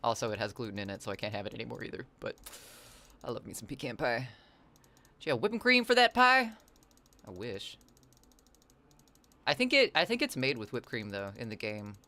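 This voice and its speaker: An adult streamer plays a game and chats casually, reading the chat aloud, answering it, and wandering off into playful, rambling asides full of wordplay. The mid-range voice is a bit bright, animated, and a little fast.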